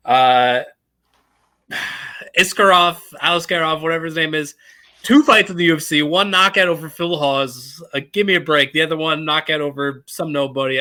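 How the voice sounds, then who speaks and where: Laid-back, bright-voiced male co-host. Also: fairly high pitch. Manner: laid-back, hedging, many filler pauses. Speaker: podcast co-host making fight picks. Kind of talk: casual podcast chat.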